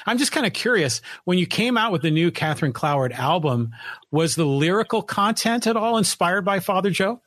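A man's voice: high voice, lively intonation, a little fast, a bit bright, dry recording, clean studio sound. A man hosting a live-stream interview, who listens supportively and asks curious questions. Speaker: host.

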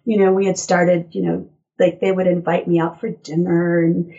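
A woman guest on an interview show, telling personal stories in an animated way and laughing often. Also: lowish voice, moderate pace, gravelly, lo-fi sound. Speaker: guest author. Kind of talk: casual interview chat.

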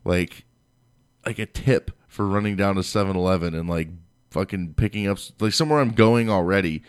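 A man's voice: low-pitched, brisk, clear, resonant tone, no room sound, clean studio sound. A young man co-hosting a podcast, telling a workplace story in casual, profane chat and acting out what people said. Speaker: podcast co-host.

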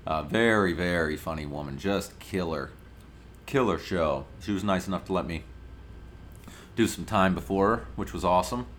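A man's voice: deep voice, moderate pace, a little hiss or hum. A male podcast host from Ohio, ranting in a brash, profane, mock-indignant way in a casual comedic monologue.

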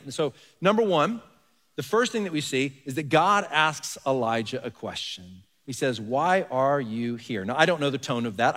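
Medium in pitch and fairly bright, a man's voice fills a church sanctuary, carried by the long reverb of a big hall. He's the pastor, giving a conversational sermon, asking rhetorical questions and hitting key words hard.

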